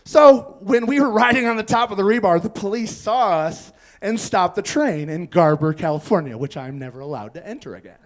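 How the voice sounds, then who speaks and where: Man, stand-up comedian, high voice, rambling storyteller, laughs at own jokes, comedy club stage. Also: expressive, fairly quick, hardly any pauses.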